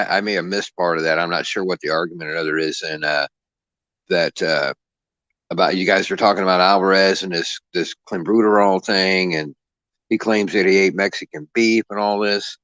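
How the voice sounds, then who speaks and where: A man calling into a casual debate, halting with fillers and repeating his question insistently. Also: low-pitched, fairly bright tone, no echo. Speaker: guest caller. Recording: dull lo-fi call audio.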